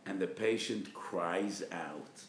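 A man, a rabbi, giving a spirited lecture on religious law, hitting key terms with loud emphasis and acting out quoted speakers. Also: low voice, slow pace, echoey room, slight background noise. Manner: acts out patients and doctors in quoted voices.

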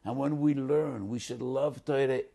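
Gravelly-voiced rabbi giving a Torah talk. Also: male voice, mid-range voice, moderate pace, mellow. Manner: earnest, emphatic, mixes Hebrew quotes into English. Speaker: rabbi teaching the weekly Torah portion. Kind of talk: Torah lesson sermon.

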